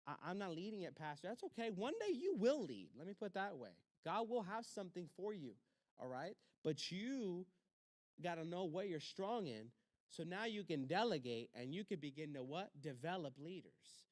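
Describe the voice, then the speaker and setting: Pastor giving punchy leadership commands. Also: male voice, high voice, sing-song, dry recording, studio quality. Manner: punchy, repeats short commands, acts out quick exchanges. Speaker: pastor teaching a leadership class. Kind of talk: church leadership lesson.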